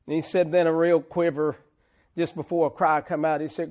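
A man's voice: fairly high pitch, flat delivery, a little mellow. A man preaching a sermon, telling folksy stories and swelling into emphatic lines. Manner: slow, folksy storytelling with rising emphatic swells.

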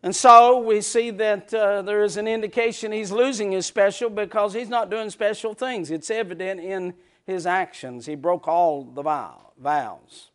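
Male pastor, very high voice, fiery sermon, rises to shouts, repeats himself for emphasis. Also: a little slow, hardly any pauses. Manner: impassioned, builds to shouting, repeats phrases for emphasis.

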